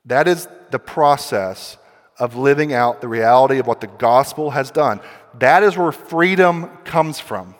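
A man preaching a sermon as a pastor, emphatic and full of rhetorical questions, rising to loud stretches. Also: mid-range voice, a little slow. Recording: long hall reverb.

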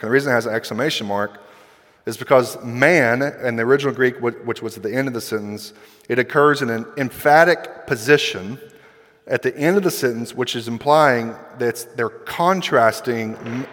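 A male pastor delivers a sermon in a relaxed, conversational way, slipping into quick acted-out voices for the people he quotes. His voice sits in a mid range and carries a long reverb from the hall around him. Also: mid-range voice.

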